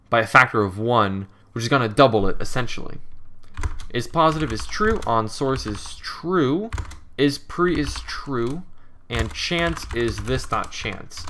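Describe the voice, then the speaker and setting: A man's voice: mid-range voice, sharp tone, a little hiss or hum. A young man with a nasal, irritated-throat voice, talking casually as he programs his game, thinking aloud and correcting himself. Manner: rambling, self-correcting, thinks aloud while typing. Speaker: game developer. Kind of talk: casual coding commentary.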